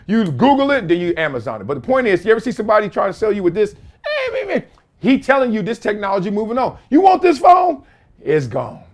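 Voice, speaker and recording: A man in his fifties hosting his own show from a room at home, telling stories in a casual, slangy way that bursts into shouts and laughter. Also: sits high. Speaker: show host. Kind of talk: casual storytelling monologue.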